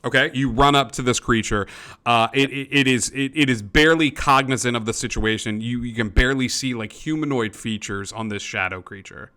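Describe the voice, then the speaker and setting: Game master, male, bright tone, rambling descriptive narration with frequent fillers. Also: medium pitch, a little fast. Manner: descriptive, with many fillers and restarts. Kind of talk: narrating a tabletop game over a call.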